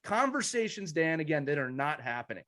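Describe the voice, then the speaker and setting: A male podcast host in casual conversation. He talks earnestly and tells stories, often restarting his sentences. His voice sits a little above the usual male pitch. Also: very animated, a little fast, a bit bright. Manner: earnest storytelling with many restarts. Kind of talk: conversational interview.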